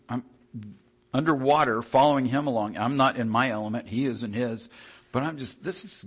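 A man preaching a sermon in a conversational, animated way, often restarting his sentences. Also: mid-range voice, breathy edge.

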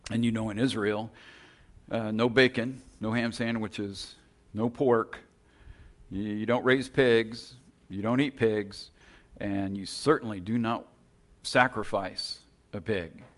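A man teaching a sermon in a relaxed, storytelling way, often restarting his phrases. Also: on the low side, slow. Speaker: preacher.

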